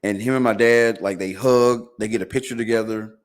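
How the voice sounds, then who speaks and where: On a podcast, a guest with a fairly low voice talks a bit fast while relating a long story. His casual, loose delivery is animated, and he acts out his family's remarks.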